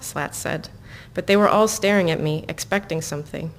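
A woman author reading her own novel aloud to listeners in an even, measured way, breaking off into casual asides full of fillers. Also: low voice. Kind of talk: live book reading with chatty asides.

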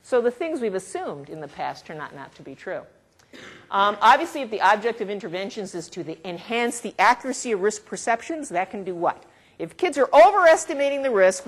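Animated woman giving an academic lecture. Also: a little high. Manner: animated, conversational, with asides and chuckles. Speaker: researcher giving a talk.

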